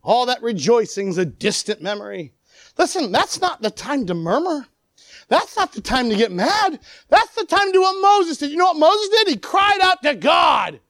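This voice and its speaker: High, lively-voiced preacher, dry sound. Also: moderate pace, dry recording. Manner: animated, acts out the people it quotes; swings between loud and quiet. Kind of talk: sermon.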